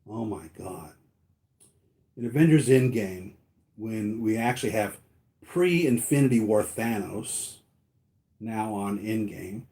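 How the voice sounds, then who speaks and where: A man's voice: fairly low pitch, warm tone. A man talking casually to his viewers, rambling with many fillers and restarts. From United States. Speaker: toy collector vlogger.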